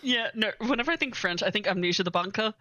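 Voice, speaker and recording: A woman's voice: mid-range voice, fast talker, sharp tone, no room sound, low-quality recording. A woman co-hosting a podcast, joking and giggling in casual chat. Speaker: podcast co-host. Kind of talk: casual chat and story reading.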